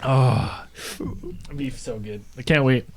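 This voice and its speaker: A man's voice: mid-range voice, fairly even intonation, takes it slowly. A man co-hosting a podcast in laid-back, casual chat with friends. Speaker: podcast co-host.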